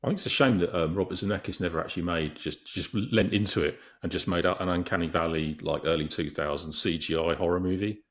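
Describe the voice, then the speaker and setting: Male panelist, deep voice, rapid and jokey. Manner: quick, joking, with fillers. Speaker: podcast panelist. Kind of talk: casual chat.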